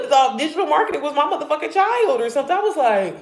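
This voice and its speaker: Rapid-fire, with hardly any pauses, a woman in her thirties chats on a live stream about faith and digital marketing from an echoey room. She's open and candid, swearing, laughing, and swooping high when excited.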